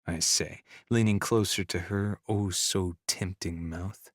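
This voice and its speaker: A man with a fairly low voice narrates a first-person romance in an easygoing storytelling way. His close studio mic gives a dry sound with no room. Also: steady tone, measured pace, few pauses, no room sound. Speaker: audiobook narrator.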